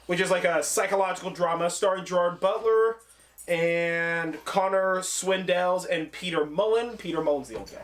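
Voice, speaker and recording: Brief: high-pitched male host, loose profane movie recap, acts out scenes as he talks. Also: normal speed, a bit bright. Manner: rambling, swears freely, acts out scenes. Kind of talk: casual profane movie chat.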